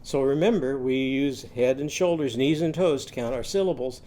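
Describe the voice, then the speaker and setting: A man's voice: mid-range voice, moderate pace, warm tone. A man teaching young children a phonics lesson, singing little chants and leading sound drills for them to repeat.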